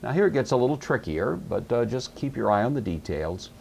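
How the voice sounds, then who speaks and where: A middle-aged man teaching Greek grammar in a recorded lecture, explaining patiently step by step and repeating key words slowly. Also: medium pitch, sing-song, vocal fry, darkish tone, slight background noise.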